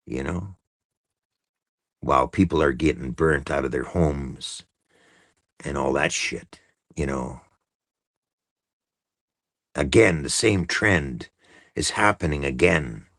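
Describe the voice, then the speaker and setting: Deep gravelly man ranting. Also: slow, long pauses, a bit bright, dry recording, clean studio sound. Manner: profane, exasperated and emphatic. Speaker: livestream host. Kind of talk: angry political rant.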